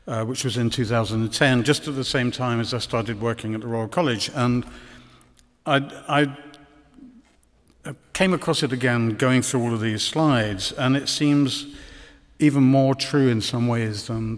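A man lectures at a conference in a middle register, often pausing on ums and dropping dry, ironic asides. His voice carries a long reverb from the hall. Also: mid-range voice.

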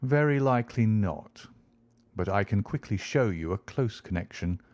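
A man playing an aloof detective, lecturing, measured, low voice, dry close sound, audiobook. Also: animated, a little mellow, dry recording, close to an everyday voice. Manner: measured, professorial.

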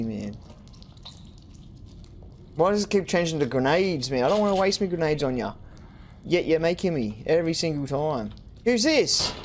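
A young man with a fairly high voice rants and swears his way through a horror game. He talks loosely to the screen, jumping into loud excited outbursts. A faint noise hums under the recording. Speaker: gaming streamer. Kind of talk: let's play commentary.

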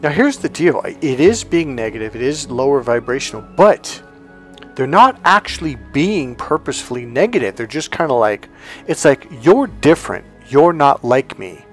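A middle-aged man spins a personal story with a lively, swooping voice, casual and a little profane. He drops into bits of dialogue as he goes, and soft music plays faintly underneath. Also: mid-range voice, moderate pace. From California. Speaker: life coach.

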